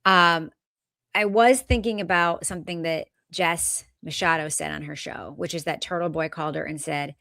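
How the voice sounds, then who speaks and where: A woman's voice: low-pitched, fairly even intonation, normal speed, vocal fry, pushed and bright, no echo. A woman with a Fall River, Massachusetts accent, co-hosting a podcast in casual chat, pointed and opinionated, firing off rhetorical questions. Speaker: podcast co-host.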